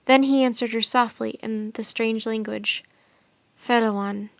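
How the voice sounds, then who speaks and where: A woman reading a children's chapter book aloud as a storyteller, steady and expressive. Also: fairly high pitch, moderate pace, vocal fry, dry recording.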